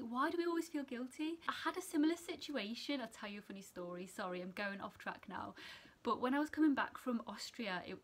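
A young woman student nurse from England, telling a story to camera in a chatty, animated way that keeps going off on tangents. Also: on the high side. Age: young adult. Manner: chatty, animated, sidetracks and laughs often.

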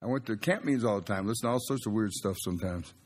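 A man's voice: on the low side, rapid-fire. A male pastor, preaching a sermon in a folksy, conversational way.

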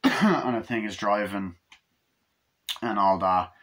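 A man giving a casual, rambling film review. He swears freely and often acts out scenes in quick, higher voices. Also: a bit bright.

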